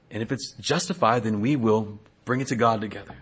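A man's voice: mid-range voice, fast talker, hardly any pauses, fairly bright tone, breathy edge. A middle-aged man, a pastor, preaching a sermon in an earnest way, asking questions and sometimes restarting.

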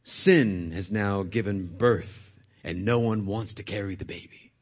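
A man's voice: on the low side, unhurried, husky. A male pastor preaching a sermon, retelling scripture expressively.

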